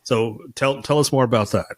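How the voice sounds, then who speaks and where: A man's voice: medium pitch, normal speed. Dry-humored male podcast host. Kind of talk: casual interview chat.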